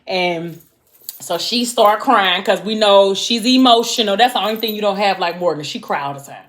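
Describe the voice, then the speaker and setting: A woman hosting a casual chat, retelling a novel's plot in animated, slangy talk with profanity. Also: mid-range voice, moderate pace. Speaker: host.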